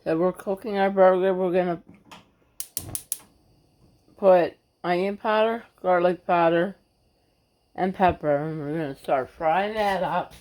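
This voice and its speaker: A woman's voice: fairly low pitch, fairly even intonation, unhurried, long pauses, poor audio. A woman talking casually through a home cooking recipe in her kitchen, chatty and homespun. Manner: chatty, homespun, loose with restarts. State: has the hiccups. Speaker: cooking vlogger. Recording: loud frying sizzle behind.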